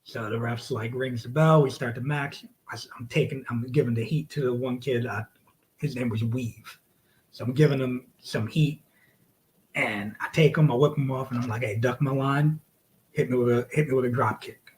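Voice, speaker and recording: Profane, animated male wrestler telling stories. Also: medium pitch, moderate pace, slight background noise. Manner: animated, acts out quotes, drops to whispers. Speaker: podcast guest, wrestler. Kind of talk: casual storytelling, profane.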